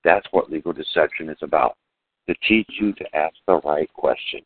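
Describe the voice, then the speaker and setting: A man's voice: rumbling low, moderate pace. A man co-hosting a radio talk show who speaks emphatically in short preaching phrases. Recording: dry, tinny phone-like sound.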